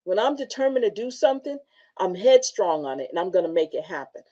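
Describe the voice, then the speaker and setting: A woman hosting a motivational talk show, reading from her book and telling personal stories in a casual, animated way with frequent laughs. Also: mid-range voice, brisk, highs cut off.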